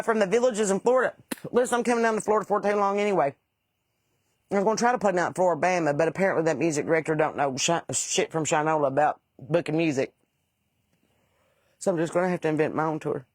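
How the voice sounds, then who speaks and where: A woman's voice: low-pitched, dry recording. Chatty woman, dry close sound. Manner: chatty, rambling storyteller with salty asides. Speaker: singer-songwriter chatting with livestream viewers. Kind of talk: casual livestream chat reading comments.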